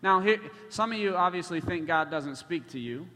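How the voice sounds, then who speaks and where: Preacher, male, higher bright voice, lively and joking with the crowd, heard in a hall. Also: normal speed. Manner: animated, joking with the congregation. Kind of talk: sermon storytelling. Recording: long hall reverb.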